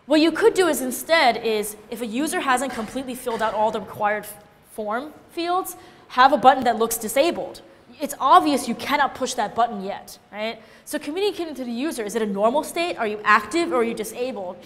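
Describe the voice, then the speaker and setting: A woman giving a casual, animated classroom lecture, often checking in with her listeners by asking "right?". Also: a little high, brisk, long reverb tail.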